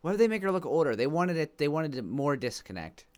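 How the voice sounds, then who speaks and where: A man's voice: fairly high pitch, big pitch swings, fast talker, a little mellow. A man co-hosting a gaming podcast, talking in a laid-back, somewhat hesitant casual way. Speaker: podcast co-host.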